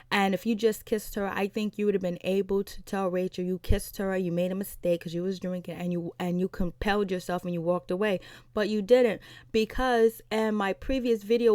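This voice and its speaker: A woman's voice: medium pitch, darkish tone, no echo. Chatty lady recapping a tv episode, does the cast's lines, dry close sound. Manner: chatty, retells scenes with quoted voices, laughs. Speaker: TV recap vlogger.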